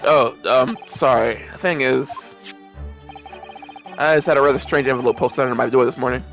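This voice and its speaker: A man's voice: medium pitch, normal speed, vocal fry, fairly bright tone, soft background music. A man voicing a nervous young student. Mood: uneasy. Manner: hesitant, stammering.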